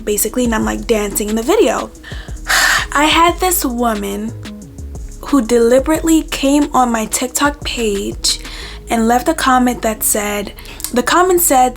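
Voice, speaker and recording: A woman with a fairly high voice talks straight to her viewers in a casual storytime vlog. She is animated and acts out the quoted lines of the exchange she describes. Music plays faintly underneath. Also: normal speed, vocal fry. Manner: animated, retells arguments with quoted back-and-forth. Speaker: vlogger.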